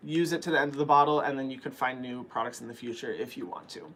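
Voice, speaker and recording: A man's voice: mid-range voice, quick pace, a bit bright. A young man hosting a skin care channel, answering viewer questions in a chatty, casual way full of "um" and "like", with an early morning voice. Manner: chatty, frequent fillers like "um" and "like". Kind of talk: casual chat.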